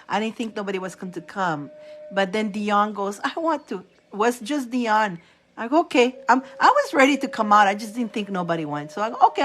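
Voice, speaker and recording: Woman reader w/ a chatting on a live stream, animated, laughs a lot. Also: mid-range voice. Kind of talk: casual live-stream chat.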